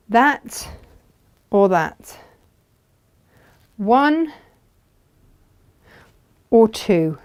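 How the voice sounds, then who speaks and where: Slow, chatty woman demonstrating crafts. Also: a little high, big pitch swings, a little mellow, clean tone. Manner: chatty, thinking aloud while working. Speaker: textile craft host.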